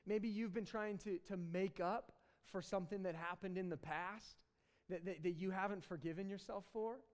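A man preaching a sermon as pastor at an evening service, earnest and often dropping to soft, hushed tones. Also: high voice, fairly even intonation, normal speed.

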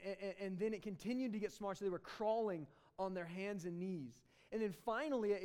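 Male pastor preaching, kinda high voice, earnest, goes soft and hushed a lot. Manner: earnest, often dropping to soft hushed tones. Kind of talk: sermon. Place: evening church service.

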